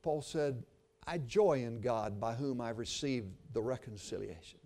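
An older man preaching a sermon, telling a story and then praying, earnest and swinging from hushed to emphatic. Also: mid-range voice, measured pace.

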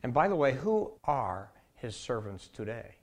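A man's voice: mid-range voice, big pitch swings, a little slow. Emphatic male preacher. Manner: emphatic, swings from loud to soft, repeats his points. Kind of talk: sermon.

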